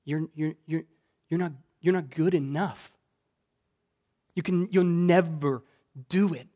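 A man with a notably high voice delivers a sermon to his congregation. He drifts from hushed, thoughtful stretches into loud, exclamatory preaching. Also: steady tone, takes it slowly. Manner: builds from quiet reflection to loud, exclamatory preaching. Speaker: pastor. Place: church sanctuary.

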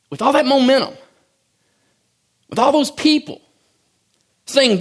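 A middle-aged pastor preaching a sermon in a conversational, folksy way, swinging from loud bursts to hushed asides. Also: male voice, very high voice, lively intonation, normal speed, pauses often. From rural farm background.

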